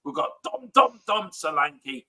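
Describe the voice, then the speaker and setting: Excitable footy fan on a watchalong, really bright voice, bit high, hypes every move. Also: male voice, unhurried, creaky, low-quality recording. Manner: excitable, cheers play aloud. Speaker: football fan co-host. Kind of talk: casual watchalong banter.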